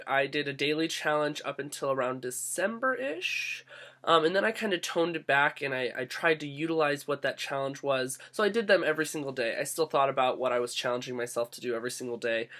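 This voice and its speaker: A young man with a groggy voice from getting sick, talking earnestly in a casual reflective vlog, often halting and restarting. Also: fairly high pitch, fairly bright tone. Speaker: vlogger.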